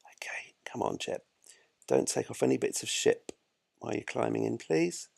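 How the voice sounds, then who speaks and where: A man's voice: medium pitch, moderate pace, vocal fry, a little mellow, no echo, whispered, clean studio sound. A man giving chatty, self-mocking live commentary while he plays a space game. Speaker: gameplay streamer.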